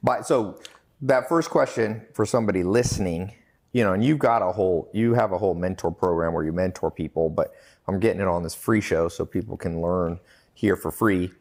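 A man's voice: deep voice, a little mellow. A man hosting an interview, asking pointed questions and laying out his points emphatically. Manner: emphatic, list-making, quick interjections. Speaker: podcast host, interviewer. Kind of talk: casual interview.

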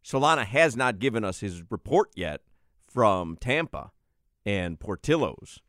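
A man's voice: fairly low pitch, sing-song, a little slow, fairly bright tone, no echo, studio quality. A man hosting a sports talk radio show, joking with his co-hosts in casual banter. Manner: jokey, laughing, tries silly accents.

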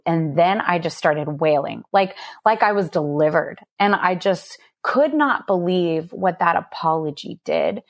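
A woman's voice: fairly low pitch, lively intonation, a little slow, hardly any pauses. Earnest woman telling her story. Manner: earnest storytelling with frequent laughs. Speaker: author guest. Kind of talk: faith-based podcast conversation.

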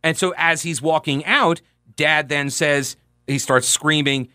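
A man's voice: a little high, unhurried, bright, forceful tone, dry recording, studio quality. A man hosting a radio talk show, recounting a story in an emphatic, conversational way.

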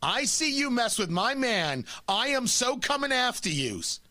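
A man's voice: very high voice, very animated, a little slow, bright, forceful tone, dry recording, pitched above the performer's own voice, full character voice. A man doing a mocking impression of a brash, indignant young woman on a talk radio show. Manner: mocking, exaggerated retelling.

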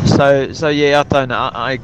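A man with a New Zealand accent calling a radio show, easygoing and rambling. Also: mid-range voice. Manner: easygoing, rambling, self-deprecating. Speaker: caller. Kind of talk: casual phone-in chat. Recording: call with clear street or car noise.

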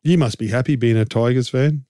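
An Australian man co-hosting a casual sports chat, animated and jokey, rambling through his points with restarts and rhetorical questions. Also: medium pitch, fairly quick, clean tone, no room sound, studio quality. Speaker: co-host and game commentator.

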